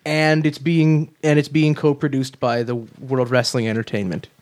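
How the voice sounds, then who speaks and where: A man's voice: medium pitch, level tone, moderate pace, a little mellow. A man hosting a casual chat, joking and laughing often as he steers the talk.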